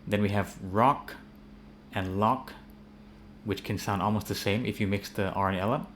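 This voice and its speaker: A man with a fairly low voice and an American accent teaches pronunciation in an easygoing, unscripted way, often circling back on his words. Faint ambience hangs in the background. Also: moderate pace, a little hiss or hum. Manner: relaxed, many fillers and repeated words. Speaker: English teacher. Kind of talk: casual spoken English lesson.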